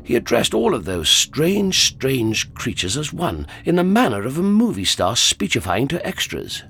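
A man reading a story aloud in first-person scripted narration, measured and wry. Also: mid-range voice, huge pitch swings, a bit bright, husky, no echo. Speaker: audiobook narrator.

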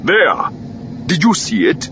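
A man voicing an earnest male alien diplomat, low and measured. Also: gravelly, exaggerated voice. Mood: tense. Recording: dull lo-fi with steady noise.

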